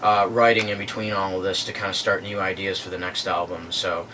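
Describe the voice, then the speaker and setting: Man, bright lowish voice, loose rambling answers, slightly distant mic, faint background hum. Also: brisk. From born in London, raised in the US. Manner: relaxed, rambling with many fillers. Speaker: band guitarist. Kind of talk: casual interview answers.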